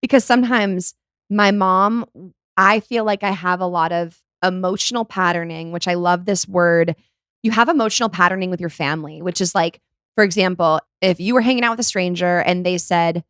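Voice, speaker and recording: A woman's voice: fairly low pitch, clear, resonant tone, no echo, clean studio sound. A young woman hosting a podcast, chatting casually and acting out quoted voices as she talks. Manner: chatty, animated, quick to act out quoted voices. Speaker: podcast host. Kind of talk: casual chat.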